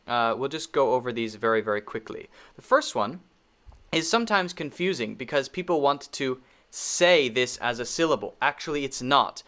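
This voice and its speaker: A man with an American accent teaching a pronunciation lesson, patiently repeating model words with clear emphasis. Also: on the high side, bright, forceful tone.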